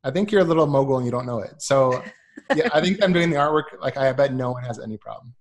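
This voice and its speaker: Man, guest on live podcast, casual chat, mid-pitched voice, encouraging, thinks aloud. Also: animated, fast talker. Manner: encouraging, repeats and restarts as he thinks.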